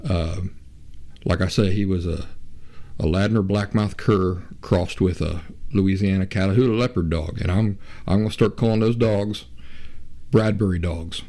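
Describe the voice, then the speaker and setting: A man hosting his own show, talking in a reflective, unhurried way with frequent restarts and pauses. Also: low voice, dark tone. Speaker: podcast host. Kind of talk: reflective casual talk.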